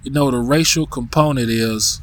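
A man hosts a podcast as a blunt, casual monologue, his medium-pitched voice slightly bright and at normal speed. He swears, restarts sentences often, and plugs gaps with "you know" and "right".

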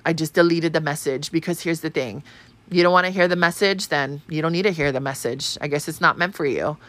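A woman hosting a podcast, telling a story in an animated, profane, casual way and acting out the other people's lines. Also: low-pitched, a little fast. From Hawaii. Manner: animated, profane, acts out quoted voices. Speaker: podcast host.

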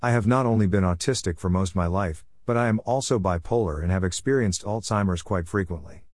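A man's voice: low-pitched, fairly quick, darkish tone, no room sound. A middle-aged man reading his own letter aloud, in a blunt, preachy and irreverent way. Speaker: podcast host.

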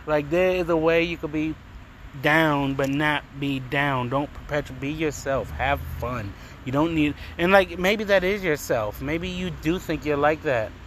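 A man ranting through a solo comedy podcast, profane and meandering and loaded with fillers. His voice sits somewhat high for a man, and there is a faint hiss of noise behind it. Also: fairly bright tone, low-quality recording. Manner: profane, rambling, frequent fillers. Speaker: podcast host. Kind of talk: casual comedic monologue.

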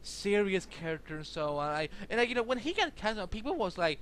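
A young man co-hosting a podcast in casual chat, excitable and rambling, with lots of fillers and restarts. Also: high voice, brisk, a little hiss or hum. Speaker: podcast co-host.

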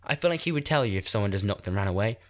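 A man's voice: fairly low pitch, expressive, racing. Congested young man, rambling. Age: 20s. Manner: rambling, self-deprecating, laughs often. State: congested, nasal from a cold. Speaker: podcast host. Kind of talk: casual chat. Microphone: new podcast microphone.

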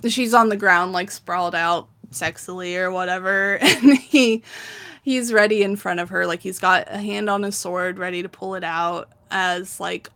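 A young woman in casual chat, animatedly retelling a manga story with lots of laughter and acted-out lines. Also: on the low side. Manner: animated storytelling, acts out characters' lines, frequent laughter and fillers. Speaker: podcast co-host recapping a manga.

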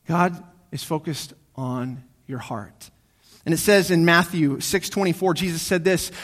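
Male pastor with a high voice, preaching in church; drops to near-whispered reflection, then climbs to urgent, repeated exhortations. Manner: swings between hushed, slow reflection and raised, urgent exhortation; repeats key phrases for emphasis. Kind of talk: sermon.

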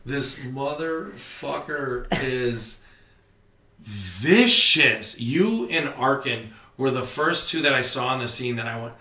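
A young male comedian chatting on a podcast, telling stories with animated energy and constant swearing. His voice is bright and forceful, at a middling pitch. The sound carries the echo of a roomy space. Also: moderate pace, few pauses. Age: young adult. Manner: animated storytelling, heavy swearing. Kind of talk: casual podcast chat.

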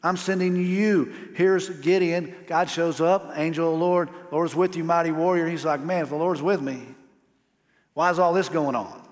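A man's voice: fairly high pitch, steady tone, normal speed. A man pastor preaching a sermon in a casual, emphatic way with slangy asides. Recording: long hall reverb.

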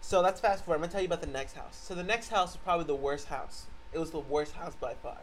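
A man's voice: on the high side, fast, slight background noise. A young man co-hosting a podcast, telling rambling stories in a casual chat, swearing and laughing often. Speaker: podcast co-host.

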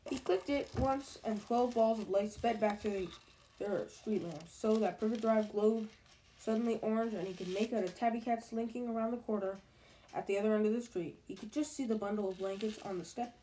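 A woman reading a storybook aloud in a steady, unhurried way, going back over slips. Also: medium pitch, a little hiss or hum, poor audio. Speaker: reader.

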